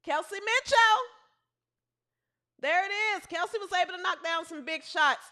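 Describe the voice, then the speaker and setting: A woman hosting a comedic women's basketball show, talking over game highlights. She exclaims, laughs often and repeats lines for emphasis. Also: moderate pace, sharp tone.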